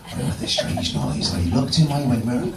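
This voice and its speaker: A man's voice: mid-range voice, wildly swooping pitch, brisk, voice pushed down. A man doing a rustic country cab driver. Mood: spooky. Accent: generic English country accent, put on. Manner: hushed spooky whispering at times. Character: male country minicab driver, spooky storyteller. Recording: roomy distant pub mic with noise.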